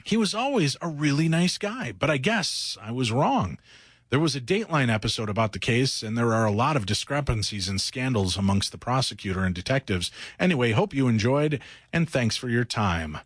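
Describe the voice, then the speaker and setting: A man's voice: mid-range voice, expressive, a little fast, a bit bright, no room sound. A man hosting a casual talk radio show, reading news stories aloud and riffing on them jokily into a studio microphone.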